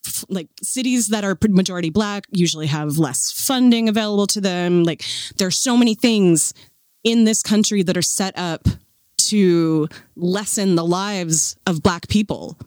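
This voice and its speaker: A woman co-hosting a casual podcast chat, thoughtful and pausing to find her words. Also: medium pitch, darkish tone, dry recording, clean studio sound. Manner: thoughtful, pauses to find words, laughs often. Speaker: podcast co-host.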